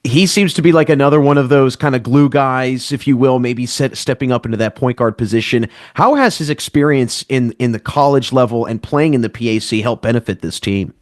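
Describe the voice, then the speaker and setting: A man works as a sports interviewer, asking long, winding questions with the odd "uh". His voice has a middle pitch and is recorded dry and close. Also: fairly quick, few pauses, no echo. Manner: long, wordy questions with some "uh".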